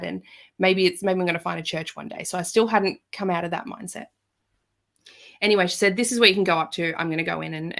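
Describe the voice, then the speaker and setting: A woman with a lowish voice, a guest on a podcast, recounts a personal story casually and with animation, doing the voices of those she quotes.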